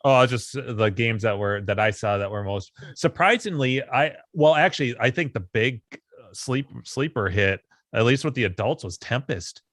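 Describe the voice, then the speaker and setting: A man co-hosting a podcast in a relaxed casual chat, laughing easily. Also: mid-range voice, normal speed, no echo, studio quality. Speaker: podcast co-host.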